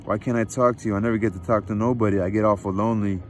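A man voicing a lonely, restless young ranch wife in a read-aloud book, talking quickly and pleadingly. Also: fairly low pitch, fairly even intonation, slight background noise, lightly acted.

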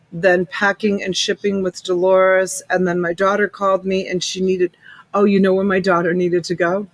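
A woman's voice: medium pitch, dry recording, poor audio. A middle-aged woman hosting a live-stream sale in casual chat, greeting viewers by name and calling them honey and sweetheart. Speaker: live-stream reseller host. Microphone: USB desk mic.

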